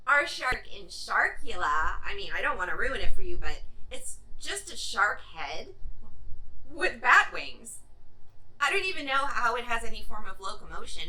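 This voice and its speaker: Bright, sarcastic woman reviewing a movie. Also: fairly high pitch, recorded from a distance, low-quality recording. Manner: sarcastic and irreverent, swears freely. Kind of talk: casual review vlog.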